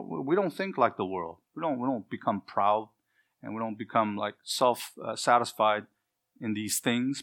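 A man's voice: medium pitch, a bit bright. Earnest emphatic preacher, male. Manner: earnest, emphatic, builds phrases in lists. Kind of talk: expository sermon.

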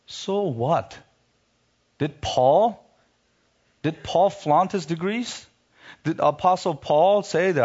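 A man preaching a sermon, reading scripture and rising sharply in pitch when he rebukes, then dropping low for emphasis. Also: takes it slowly, long pauses, a little mellow, husky, lo-fi sound.

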